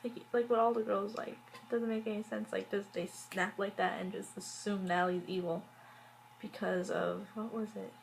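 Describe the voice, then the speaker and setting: A woman's voice: medium pitch, steady tone, moderate pace, vocal fry, a little hiss or hum, rough recording. A woman reviewing a TV episode in a casual vlog, rambling with many "like"s and fillers and wry, exasperated asides. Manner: rambling, heavy use of "like" and fillers. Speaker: TV show reviewer.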